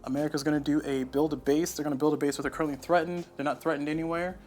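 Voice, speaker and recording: A man's voice: a little high, flat delivery, rapid-fire, a little mellow, soft background music. A man streaming a solo board game playthrough, thinking aloud and muttering to himself on a lapel mic. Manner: thinking aloud, muttering, self-deprecating asides. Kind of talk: casual solo playthrough commentary. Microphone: lapel mic on shirt.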